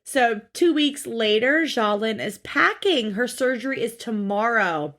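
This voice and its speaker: A woman's voice: fairly high pitch, lively intonation, measured pace, fairly bright tone. A woman co-hosting a podcast, recapping a reality show in casual chat and bluntly swearing at the people in it. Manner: blunt, swears freely, acts out quotes in mocking voices. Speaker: podcast co-host.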